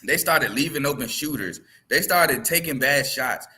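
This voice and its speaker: Bright, emphatic man talking sports. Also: mid-range voice, animated, normal speed. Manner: emphatic, rhetorical questions. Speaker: podcast co-host. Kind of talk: casual sports chat.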